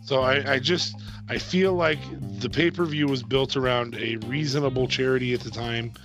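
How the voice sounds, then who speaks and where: A man's voice: mid-range voice, steady tone, moderate pace, music in the background. A man co-hosting a podcast, casual and hesitant, full of fillers as he thinks aloud. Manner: hesitant, lots of um and like. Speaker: podcast co-host.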